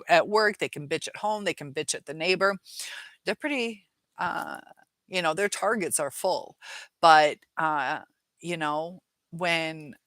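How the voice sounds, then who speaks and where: Bright-voiced woman chatting on a livestream. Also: sits low, no echo. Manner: rambling, many fillers, acts out quoted lines in a livelier voice. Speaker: teacher and relationship-advice creator. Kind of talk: casual livestream talk, reading viewer questions.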